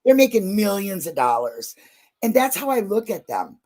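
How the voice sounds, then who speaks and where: A woman's voice: mid-range voice, big pitch swings, moderate pace, mellow. A woman talking in a casual livestream chat about true crime, emotional and effusive, blunt and not shy about swearing. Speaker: true crime channel guest.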